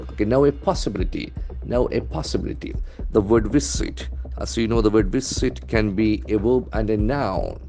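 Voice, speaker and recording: Brief: low-voiced trainer, mellow tone, spells words out letter by letter in a news vocabulary lesson. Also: male voice. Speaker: English trainer.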